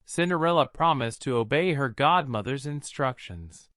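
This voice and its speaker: A man narrating a fairy tale in an expressive storybook style. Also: medium pitch, unhurried, no echo, studio quality. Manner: expressive, lilting delivery.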